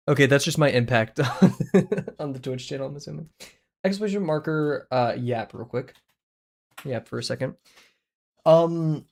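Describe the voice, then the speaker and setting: A man's voice: medium pitch, measured pace, pauses often. Young male streamer, casual and rambling, playful self-talk with light swearing, mid-range voice. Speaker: art streamer. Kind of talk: casual livestream chat while drawing.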